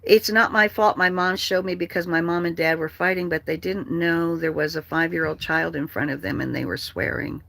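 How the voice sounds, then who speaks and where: A woman's voice: lowish voice, fairly even intonation, moderate pace, vocal fry, hardly any pauses, fairly bright tone. An older woman hosting a casual livestream, ranting bluntly and with swearing while reading out comments from viewers. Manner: blunt, profane, ranting, reads comments aloud. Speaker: livestream host.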